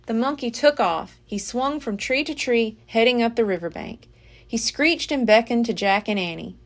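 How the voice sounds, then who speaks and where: A woman reading a children's book aloud as a library storyteller, with an expressive, dramatic delivery. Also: fairly high pitch, moderate pace.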